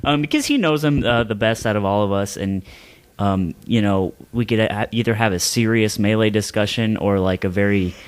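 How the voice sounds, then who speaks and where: Laughing, excitable young man co-hosting. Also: on the low side, moderate pace, clean tone. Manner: laughs often, excitable, profane, filler-heavy. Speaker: podcast co-host. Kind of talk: casual podcast banter.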